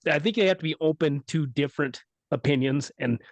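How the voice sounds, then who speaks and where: A man's voice: on the high side, a little fast, no room sound, highs cut off. A man hosting a podcast, chatting casually and thinking aloud in long, loosely joined sentences. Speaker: podcast host.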